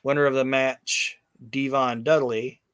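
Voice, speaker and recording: A man chatting loosely about a wrestling show, drifting through filler words and restarts while he swears his way through the story. His voice sits at an ordinary pitch and sounds dry and close, with almost no room around it. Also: a little slow, clean tone, dry recording. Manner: rambling, profane, animated storytelling with many fillers. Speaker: podcast host recapping wrestling. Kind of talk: casual chat.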